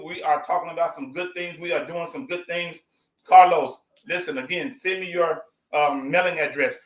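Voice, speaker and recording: A man's voice: a little high, a bit bright, roomy sound, low-quality recording. A man hosting a casual live cooking stream, folksy and effusive, greeting his viewers by name.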